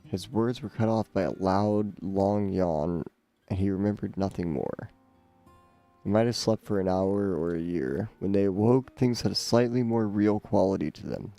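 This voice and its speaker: A man's voice: lowish voice, gravelly, dark tone. A man reading a game novel aloud, doing the characters' voices and stumbling over words now and then. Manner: stumbles and repeats words, laughs at the text.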